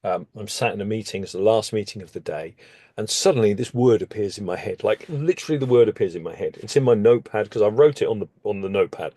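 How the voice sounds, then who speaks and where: A man, a guest telling a story in casual conversation, animated and often leaping suddenly up in pitch. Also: fast talker, no room sound. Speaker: interview guest.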